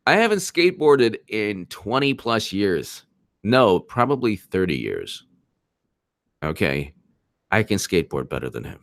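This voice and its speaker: A man's voice: fairly low pitch, very animated, a little slow, vocal fry, a bit bright, no echo, clean studio sound. A man hosting a casual political commentary livestream, rambling, mocking, and reading out chat. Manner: laughs while reading chat. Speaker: livestream host.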